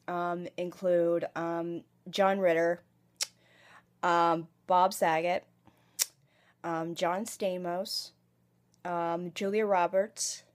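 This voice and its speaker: A woman with a cold talking straight to camera in a casual vlog. Her voice sits a little low, and she moves slowly, stalling on ums and likes and restarting her sentences again and again. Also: darkish tone. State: has a cold. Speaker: vlogger and aspiring comic actress. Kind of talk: casual home vlog monologue.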